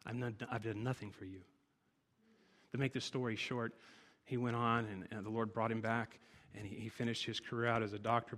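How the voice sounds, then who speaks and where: A male preacher delivering a sermon in a church sanctuary, his voice sitting at an ordinary middle pitch. He presses his message through insistent, repeated phrases. The sound carries a long hall reverb from the room. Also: fairly bright tone.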